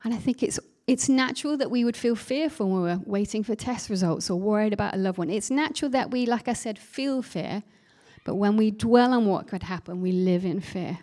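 A woman's voice: medium pitch, a little fast, warm tone. A woman preaching a conversational sermon, full of reflective rhetorical questions.

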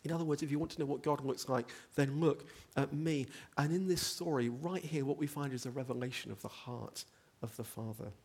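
A man's voice: mid-range voice, fairly even intonation, brisk, hardly any pauses, a little mellow, breathy edge. A man preaching a sermon, earnest, building to emphatic rhetorical questions.

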